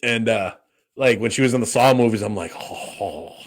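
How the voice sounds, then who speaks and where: In casual podcast chat, a male co-host rambles with many fillers and restarts and swears freely. His voice is medium in pitch and a little fast.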